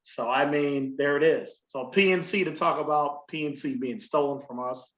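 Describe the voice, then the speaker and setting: Animated man in a roomy, dull-sounding room. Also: on the high side, moderate pace. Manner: animated, swearing, laughing storyteller. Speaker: podcast co-host. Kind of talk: casual chat.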